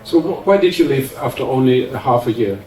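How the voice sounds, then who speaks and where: A man's voice: medium pitch, lively intonation, brisk, mellow. A man interviewing a guest, asking short prompting questions. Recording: roomy sound from a distant mic.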